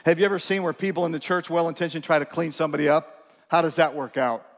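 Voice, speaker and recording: A man's voice: a little high, fairly even intonation, fast talker. A male pastor preaching a sermon in a church, talking conversationally with questions to the congregation and self-mocking humor. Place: church sanctuary. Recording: long reverb of a large church hall.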